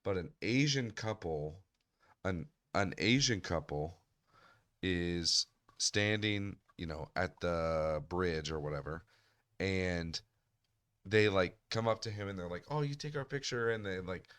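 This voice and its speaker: A man's voice: deep voice, slow pace, a bit bright, smooth. A man co-hosting a podcast, eagerly telling a family anecdote and speeding up as he goes. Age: adult. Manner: eager, speeds up through his stories. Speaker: podcast co-host. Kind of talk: casual storytelling.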